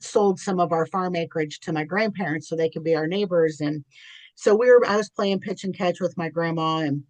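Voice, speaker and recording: Middle-aged female guest; earnest, rambling storyteller with a low-set voice. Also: normal speed, no room sound. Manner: earnest and chatty, with frequent restarts. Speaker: podcast guest. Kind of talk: candid personal storytelling.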